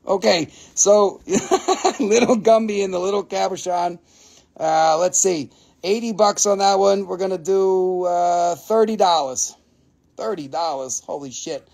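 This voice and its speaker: High, gravelly man hosting a live sale. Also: a little slow. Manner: joking, profane, excitable; laughs often. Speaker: host selling minerals. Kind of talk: live stream sales chat.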